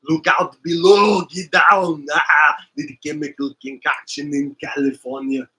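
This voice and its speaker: A bright, forceful voice booms out slow, emphatic declarations. It belongs to an older action-movie muscleman, as a man puts him on in a comic impression, with the pitch pushed a little high. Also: flat delivery, poor audio. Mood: mock-serious. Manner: slow, emphatic, repetitive pronouncements.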